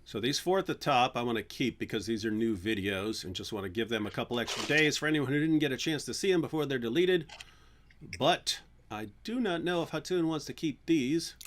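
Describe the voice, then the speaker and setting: A man hosting a livestream, chatting casually in an animated, playful way and often restarting his sentences. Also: medium pitch, a little fast. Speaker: channel host.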